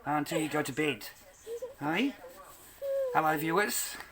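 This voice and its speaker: A man playing and joking with his young child in a home garage, teasing in a playful way with squeaky high bursts. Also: measured pace, crowd noise. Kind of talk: casual home video.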